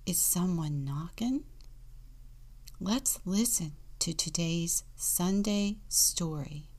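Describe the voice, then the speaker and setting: A woman's voice: fairly low pitch, expressive, slow pace, darkish tone. A woman deacon reading a children's picture book aloud, dropping into whispers for suspense and acting out the sound words.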